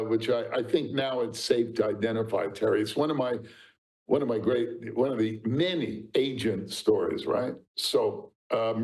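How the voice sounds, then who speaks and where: An older man, a talent agent, telling anecdotes as an interview guest, lively and laughing often. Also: mid-range voice, low-quality recording. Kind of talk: anecdotal storytelling.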